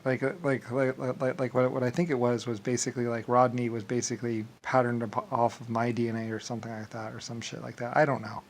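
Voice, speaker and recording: A man's voice: mid-range voice, little pitch movement, quick pace, few pauses. A man vlogging in a rambling casual monologue, full of filler words and repeated words, with dismissive shrugging asides.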